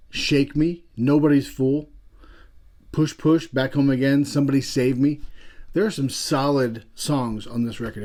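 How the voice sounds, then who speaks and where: A man's voice: mid-range voice, darkish tone. Man, Philadelphia accent, chatty channel host, rambling, self-amused. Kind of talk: casual video commentary on an album.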